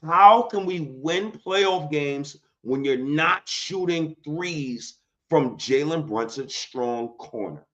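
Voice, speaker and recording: A man hosting his own sports podcast launches into a fired-up, slangy rant. His voice is bright and forceful, and the recording sounds dull and lo-fi. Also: fairly high pitch, expressive, slow pace. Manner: heated, fired-up, slangy and emphatic.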